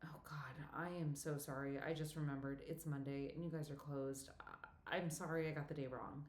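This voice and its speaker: A woman voicing a flustered, eager young woman who talks in a hurried, apologetic way, read in a room with some echo. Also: low voice, steady tone, lightly acted. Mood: embarrassed. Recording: roomy echo.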